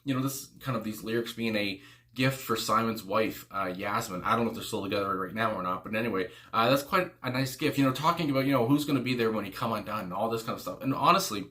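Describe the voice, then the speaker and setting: A man's voice: fairly low pitch, fast, sharp tone. A man hosting a music reaction video, rambling casually with lots of "you know" fillers and frequent exclamations. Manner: exclaims "my God" often.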